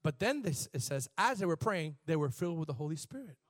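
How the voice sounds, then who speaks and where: A man preaching a sermon in an animated, conversational way, shifting from soft asides to shouts. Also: fairly high pitch, fast talker, no echo, clean studio sound. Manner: conversational, laughs and repeats words. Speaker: pastor.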